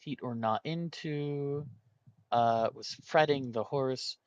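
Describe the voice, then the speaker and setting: A man's voice: mid-range voice, takes it slowly, smooth, no room sound, lo-fi sound. A man thinking aloud while solving a word puzzle, hesitating and weighing each option as he goes.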